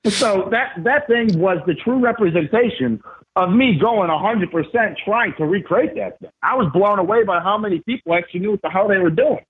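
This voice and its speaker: A man telling stories as a podcast guest, animated and emphatic, with slangy casual talk. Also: sits high, a little fast, slightly rough. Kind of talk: casual storytelling. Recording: tinny phone-like remote line.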